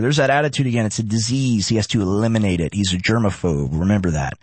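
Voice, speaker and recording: A man's voice: fairly low pitch, fast talker, few pauses, darkish tone, slightly rough, dry recording. A man from Texas hosting a political commentary show, ranting sarcastically and reading news aloud with cutting asides. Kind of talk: opinionated political monologue.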